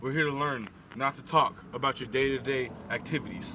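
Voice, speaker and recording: A man's voice: mid-range voice, steady tone, fairly quick, noisy background, natural voice. A man voicing a stern female teacher who lectures and scolds indignantly, on a distant lo-fi phone video. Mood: scolding.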